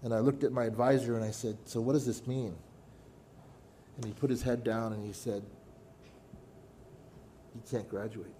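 A middle-aged man preaching a sermon, telling a personal story with dramatic pauses and sudden drops to a hush. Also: mid-range voice, fairly even intonation, slight background noise. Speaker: pastor.

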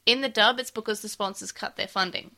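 A woman's voice: mid-range voice, fairly quick, gravelly, pushed and bright. A woman co-hosting a podcast, chatting casually as she recaps an anime episode and acts out quoted lines. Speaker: podcast co-host.

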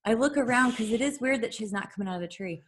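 A woman telling a long story in casual chat, animated, swearing freely and laughing often. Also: a little high, fast, a little hiss or hum.

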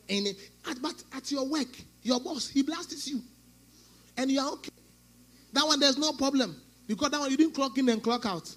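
A middle-aged male pastor preaching a sermon, swinging between loud outbursts and quieter asides, acting out quoted speech. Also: extremely high pitch, a little fast.

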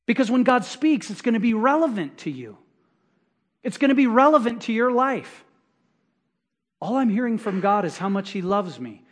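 High-voiced male pastor preaching conversationally. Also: expressive, normal speed. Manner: conversational preaching with acted quotes and repetition. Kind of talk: sermon.

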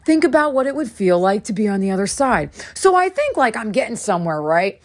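A woman hosting a podcast, telling a personal story in a casual, animated way and acting out the dialogue. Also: medium pitch. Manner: animated, acts out dialogue with quick bursts. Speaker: podcast host.

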